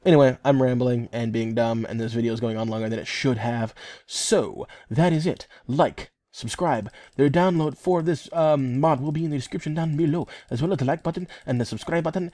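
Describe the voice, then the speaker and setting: A man's voice: mid-range voice, fairly quick, warm tone. A young man giving rambling, joking gameplay commentary as a gaming channel host. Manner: rambling, joking, filler-heavy. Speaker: gaming YouTuber.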